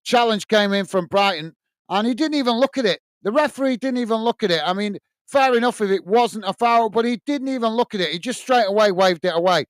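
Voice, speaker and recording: During a live football watch-along, a man reads out viewers' chat messages and rants indignantly about the referee's bias, dropping chatty asides along the way. His expressive voice sits high and moves briskly, with no room sound.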